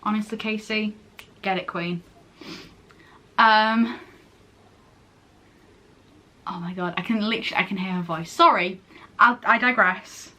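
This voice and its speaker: A woman's voice: medium pitch, unhurried, pauses often, sharp tone. A teenage girl from England chatting casually and gushing in a rambling way, often interrupting herself. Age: late teens. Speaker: vlogger. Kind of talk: casual chat.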